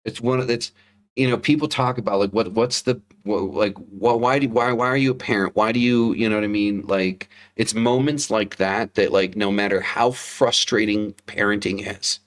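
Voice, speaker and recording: Low-voiced man, candid and profane. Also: fairly even intonation, moderate pace. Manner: candid, heavy swearing, repeats himself. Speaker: podcast co-host, father. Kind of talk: casual livestream chat.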